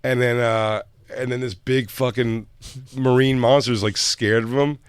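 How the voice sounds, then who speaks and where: A man's voice: medium pitch, steady tone, moderate pace, clean tone, no room sound, studio quality. A young man co-hosting a podcast in casual, crude comedic chat, often joking. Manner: crude, joking, breaks into silly voices. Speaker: podcast co-host.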